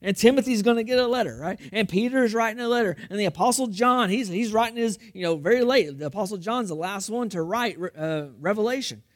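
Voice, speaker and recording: A man preaching a sermon, animated, swinging between loud emphasis and quiet asides, checking in with listeners with "okay?" and "right?". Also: high voice, fairly quick, few pauses. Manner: speaks directly to listeners with frequent "okay?" and "right?". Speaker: pastor.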